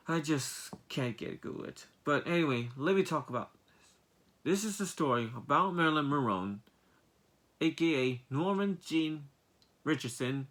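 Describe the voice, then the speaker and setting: A man's voice: fairly high pitch, expressive, measured pace, fairly bright tone. A young man giving a casual movie review vlog, rambling, repeating himself, and piling up exasperated rhetorical questions.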